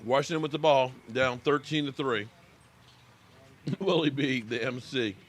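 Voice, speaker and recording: A man's voice: medium pitch, unhurried, slight background noise. An American man hosting a casual live sports reaction stream, chatting with viewers by name and talking while he eats.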